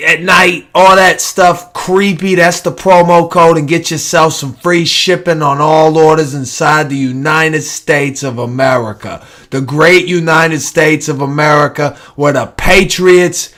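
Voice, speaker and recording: A man's voice: a little high, fairly even intonation, unhurried, few pauses, sharp tone, voice pushed up. A man reading an ad as a brash Philadelphia sports fan in a put-on Philadelphia accent.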